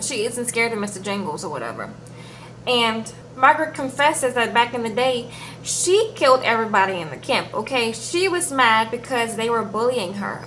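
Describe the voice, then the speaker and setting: A woman giving a casual, animated recap of a TV episode, peppering it with "girl" and "okay?". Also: a little high, a little hiss or hum, poor audio. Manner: chatty, animated, says "girl" and "okay?" often. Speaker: TV show recap reviewer.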